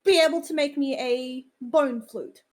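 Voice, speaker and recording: A woman voicing a polite male elf rogue who talks in a measured way in a tabletop game. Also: high voice.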